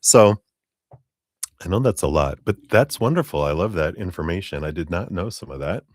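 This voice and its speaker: Brief: middle-aged male tarot reader, deep dry voice, loose rambling delivery. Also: animated, moderate pace, no room sound. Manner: rambling, with tag questions and chuckles. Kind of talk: live-stream tarot reading.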